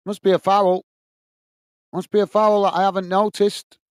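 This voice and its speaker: A man's voice: high-pitched, flat delivery, moderate pace, clean tone, dry recording. A man from England hosting a live football watch-along, calling the play and chatting as he reads out viewers' comments, openly backing his own team. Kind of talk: live fan commentary and chat reading.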